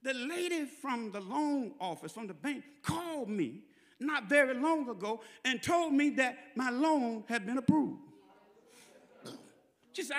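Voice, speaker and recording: High, bright Southern preacher in a reverberant hall. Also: male voice, animated, measured pace. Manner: builds from conversational storytelling to shouted preaching. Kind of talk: sermon storytelling. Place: church sanctuary. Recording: long reverb in a church hall.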